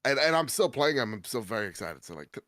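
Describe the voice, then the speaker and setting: A man in casual podcast chat, telling stories in an animated way and jumping into quoted voices. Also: medium pitch, fast, no echo.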